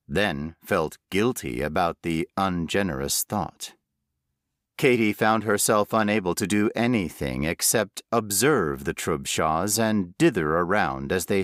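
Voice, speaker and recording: Male audiobook narrator, slow and lively in pitch, lowish voice, dry close mic. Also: no room sound. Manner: unhurried, expressive reading. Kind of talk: scripted narration.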